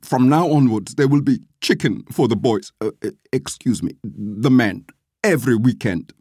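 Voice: mid-range voice, normal speed, a little mellow, husky, no echo, clean studio sound. A narrator voicing a wealthy male employer who apologizes tearfully to his maid. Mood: contrite.

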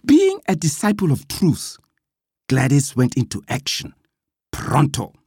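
A slow, expressive storyteller whose pitch swings widely through the tale. The voice is husky and recorded close and dry. The reading is lively and dramatic. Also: no echo. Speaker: narrator.

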